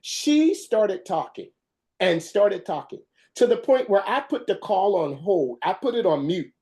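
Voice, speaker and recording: A webinar presenter telling a folksy, animated story and acting out the quotes. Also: medium pitch, unhurried.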